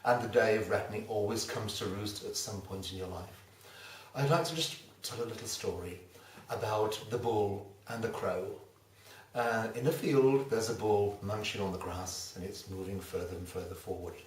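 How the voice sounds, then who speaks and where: A man's voice: on the low side, slight background noise. A man, a motivational speaker telling a folksy fable with a moral. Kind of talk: storytelling talk with a moral. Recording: roomy, distant mic, faint ambience.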